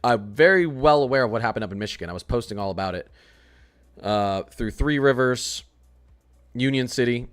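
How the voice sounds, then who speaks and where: A chatty man hosts a live weather stream from his desk mic, joking with viewers and greeting them by name. His voice sits at an ordinary middle pitch, relaxed and conversational throughout. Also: normal speed, clean tone, faint music behind. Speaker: weather livestream host. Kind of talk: casual live-stream chat.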